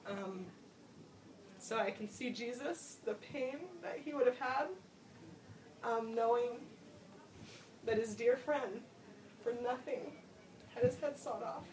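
Slow, reflective woman preaching from afar. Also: fairly high pitch, a little hiss or hum. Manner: reflective, personal, with soft laughs. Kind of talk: sermon. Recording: roomy sound from a distant mic, faint ambience.

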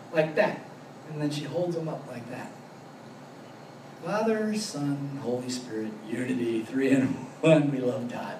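A pastor talking through a Bible passage in a chatty way, laughing often and reading verses slowly. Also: male voice, fairly high pitch, darkish tone, slight background noise. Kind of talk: Bible study teaching. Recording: roomy and distant with faint ambience.

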